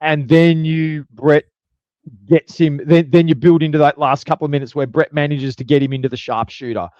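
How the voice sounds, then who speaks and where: A man's voice: on the high side, fairly even intonation, moderate pace, darkish tone, no room sound, dull audio. A man co-hosting a podcast in casual chat, rambling with repeated words and acting out quotes. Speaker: podcast co-host.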